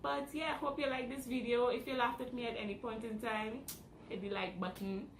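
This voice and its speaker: Animated woman telling a story. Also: fairly high pitch, normal speed. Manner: animated, dramatic retelling. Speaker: vlogger. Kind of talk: casual storytelling vlog. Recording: roomy with faint background noise.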